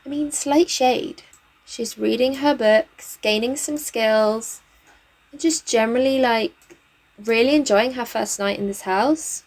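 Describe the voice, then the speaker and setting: A woman hosting a game channel, chatting excitably through a let's play with lots of fillers. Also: a little high, a little slow. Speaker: gaming channel host. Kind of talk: casual let's play commentary.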